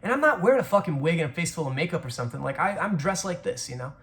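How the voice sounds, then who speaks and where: A man's voice: on the high side, big pitch swings, very fast, fairly bright tone. A man in his twenties from the American South, rambling through casual stories with frequent swearing and restarts. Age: 20s. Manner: rambling, profane, restarts a lot. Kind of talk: casual storytelling monologue.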